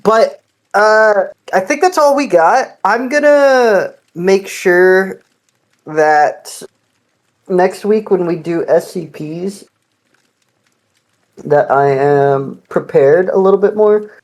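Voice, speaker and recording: A podcast co-host in casual chat, excitable and blunt, swearing offhand. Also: medium pitch, slow.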